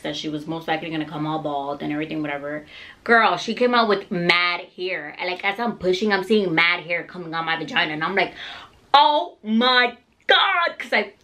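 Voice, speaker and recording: Young woman vlogger, candid storytime, low-ish voice, swears. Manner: candid, animated, swears freely. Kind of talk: casual storytime.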